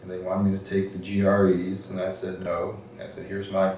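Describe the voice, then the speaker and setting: A man's voice: sits low, monotone, fairly quick, a little mellow. Older man recalling his career, echoey room. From Detroit, USA. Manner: reflective storytelling, frequent restarts and "um"s. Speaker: interviewee, law librarian. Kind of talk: oral history interview. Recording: echoey room, distant mic, faint noise.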